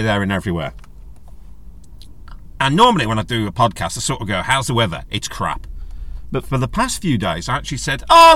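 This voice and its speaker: A man hosts his own podcast in a loose, rambling chat full of jokes and asides. His pitch is of middling height but swings widely as he talks. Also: no room sound. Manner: rambling, chatty and jokey, with animated pitch jumps. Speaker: podcast host. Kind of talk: casual solo podcast chat.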